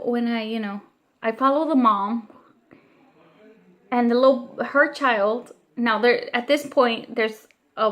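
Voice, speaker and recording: A woman in her thirties telling a long story about her son, retelling what people said in an animated, upset way with many restarts. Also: on the high side. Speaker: vlogger, mother. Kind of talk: casual storytelling vent.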